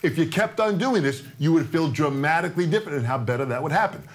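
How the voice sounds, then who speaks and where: Man, 60s, drum instructor, fairly high-pitched, very lively intonation, coaxing, joking. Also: fast talker. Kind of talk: live-streamed drum lesson.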